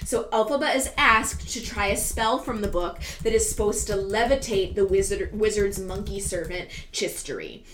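Casting: a mid-pitched woman with a lively, storytelling delivery, recorded in a roomy, echoey space. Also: normal speed, hardly any pauses, a little hiss or hum. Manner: animated storytelling, swears, breaks into song. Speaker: podcast co-host. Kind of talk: casual chat. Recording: roomy echo.

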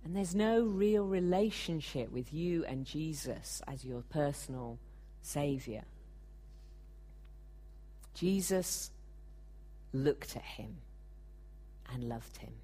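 A woman preaching a sermon, earnest and measured, sometimes acting out the people she quotes. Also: sits low, expressive, warm tone.

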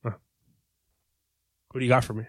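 A man in his thirties co-hosting a comedic podcast, deadpan with dry wisecracks. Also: normal speed, no room sound. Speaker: podcast co-host. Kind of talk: casual comedic chat.

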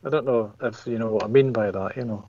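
A man's voice: mid-range voice, fast talker, a little mellow, muffled recording. A man chatting casually about a comic he loves, enthusiastic and a bit sweary, acting out the lines he quotes. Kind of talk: casual podcast chat.

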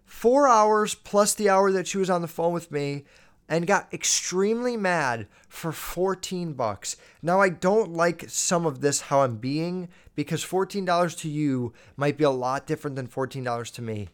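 A young man hosting a podcast, telling a profane, animated story about a rude customer and acting out both sides of the dialogue. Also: fairly high pitch, moderate pace, clear, resonant tone. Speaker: podcast host. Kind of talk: casual storytelling rant.

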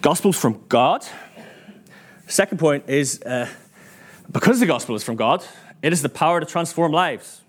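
Male preacher, church sermon, animated delivery, slightly high pitch, self-deprecating storyteller. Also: moderate pace, pauses often. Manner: animated, chatty, self-mocking, acts out voices. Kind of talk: lively church sermon with stories.

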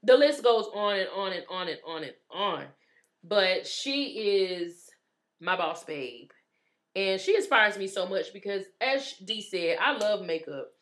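A woman hosts a casual talk show. She speaks in a chatty, familiar way, calling her listeners "ladies" and "honey." Her voice sits at an ordinary middle pitch for a woman. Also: animated, measured pace, a bit bright. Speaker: podcast co-host. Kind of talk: casual chat.

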